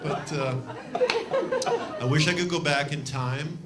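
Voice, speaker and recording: A man's voice: a little high, measured pace, over a noisy crowd. A man from Ohio doing a loose, self-deprecating stand-up routine on a comedy club stage. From Cleveland, Ohio.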